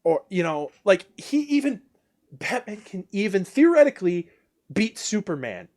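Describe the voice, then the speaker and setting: A man's voice: high-pitched, big pitch swings, moderate pace, a little mellow. A man streaming a game, ranting casually and crudely with many restarts and exasperated outbursts. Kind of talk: casual ranting chat while gaming.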